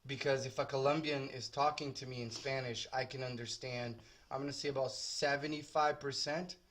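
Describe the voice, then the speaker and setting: A man's voice: medium pitch, steady tone, fairly quick, fairly bright tone. A man, a tattoo artist co-hosting a casual podcast chat, joking and laughing often.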